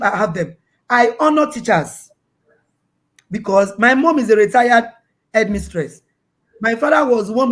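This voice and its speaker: Chatty woman on a video call. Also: a little high. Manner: animated, acts out her children's voices, repeats words while searching. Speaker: guest parent. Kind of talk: casual storytelling interview.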